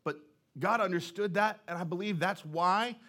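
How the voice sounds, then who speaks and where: A man's voice: high voice, normal speed, pushed and bright. A male pastor preaching a sermon in a church, in a conversational way, often putting questions to the congregation.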